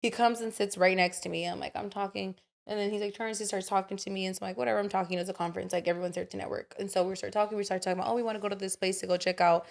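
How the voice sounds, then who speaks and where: A young woman talks in a loose, unfiltered way as she tells a story on a podcast. Her speech is full of "like" and curse words. She rambles in an animated way, with her pitch in the middle range for a woman. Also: rapid-fire, creaky, few pauses. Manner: animated storyteller, swears freely, fillers like "like". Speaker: podcast co-host. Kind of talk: casual chat.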